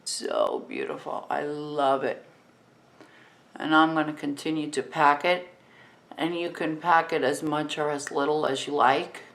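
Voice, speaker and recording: Talking at normal speed in a low voice, this New Jersey woman in her fifties keeps up easygoing chatter as she demonstrates her makeup routine.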